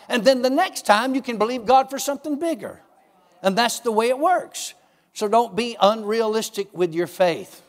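A man preaching a sermon, telling stories and acting out his own dialogue with God in a raised, lively voice. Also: high-pitched, long reverb tail. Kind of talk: sermon with storytelling.

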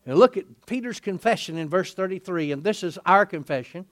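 A middle-aged man delivers a lively, folksy sermon with a high-pitched, fairly quick voice. He laughs a lot, keeps asking his listeners "isn't that right?", and acts out the people in the passage he's reading.

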